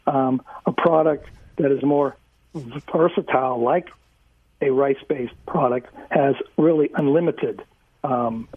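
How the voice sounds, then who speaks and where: A man's voice: medium pitch, measured pace, breathy edge, dry recording. A man in his sixties, a food company founder, talking earnestly as an interview guest with many fillers. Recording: dry tinny phone-like line.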